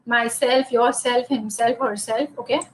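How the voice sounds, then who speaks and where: A woman gives a grammar lesson, with a high-pitched voice. She explains each point patiently, step by step, and checks in with the class by asking "okay?" after nearly every example. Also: fairly even intonation, a little slow, slight background noise, low-quality recording. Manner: explanatory, says "okay?" often. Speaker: English grammar teacher. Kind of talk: classroom lecture.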